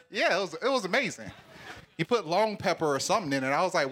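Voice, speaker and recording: Southern male event host, bright and punchy, jokes with the room. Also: sits high, expressive, fast talker. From Alabama. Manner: joking, teasing the audience. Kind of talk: live crowd work and hosting. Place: event venue with live audience.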